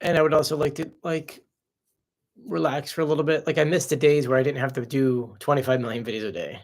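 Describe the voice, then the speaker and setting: Gravelly-voiced man hosting a casual live stream. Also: mid-range voice, fairly even intonation, fast talker. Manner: chatty, reads out viewer comments and answers off the cuff. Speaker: live-stream host answering viewer questions.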